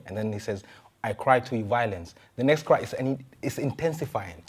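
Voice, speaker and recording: A man, a pastor, giving a conversational sermon full of rhetorical questions and quick restarts. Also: medium pitch, breathy edge.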